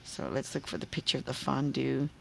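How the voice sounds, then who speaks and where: A woman's voice: rumbling low, animated, brisk, creaky, slight background noise. A woman teacher giving a phonics lesson on video, patiently sounding out syllables and checking in with the viewer.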